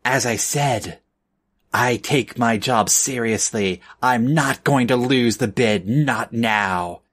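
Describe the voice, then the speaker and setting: A stern woman convention manager with a clipped, officious way of threatening, as a man puts her on. She is an in-game figure in a tabletop game, delivered slowly. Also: mid-range voice, fairly bright tone.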